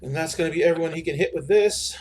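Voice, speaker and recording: Guy running a tabletop game, kinda high voice, jokey and dramatic, some cussing. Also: fast, a little mellow. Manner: dramatic, playful narration with cursing. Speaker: game master.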